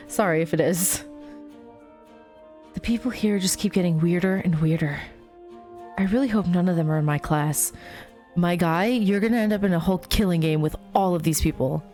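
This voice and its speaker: A woman's voice: lowish voice, moderate pace, dark tone, faint music behind. A young woman playing a story game, reading its text aloud with chatty, giggly asides. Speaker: let's play host.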